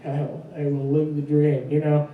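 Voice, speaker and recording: A young man doing a stand-up comedy set in a club, with a halting, deadpan delivery full of fillers. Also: a little high, narrow, tinny audio. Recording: distant mic in echoey club with crowd. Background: audience laughter.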